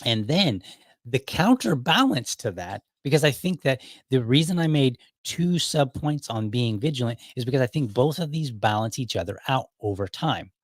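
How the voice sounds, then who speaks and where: Man, middle-aged, rambling storyteller, mid-pitched voice, dry close mic. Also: big pitch swings, normal speed, no room sound. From Ohio, United States. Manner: rambling, self-correcting storyteller who acts out quotes. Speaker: podcast host. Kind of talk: casual storytelling monologue.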